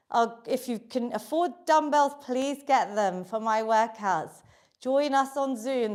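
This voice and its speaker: A middle-aged British woman with a high voice leads a live online exercise class. She cheers her students on and cues each inhale and exhale. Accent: British English. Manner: encouraging, cueing breaths and counts. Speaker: fitness instructor. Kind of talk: live online workout instruction.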